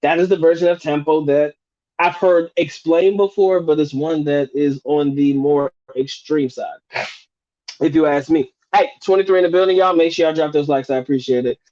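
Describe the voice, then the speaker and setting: A man's voice: on the high side, steady tone, moderate pace, warm tone, highs cut off. A man hosting a live stream, chatting casually and profanely, restarting and rephrasing as he goes. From United States.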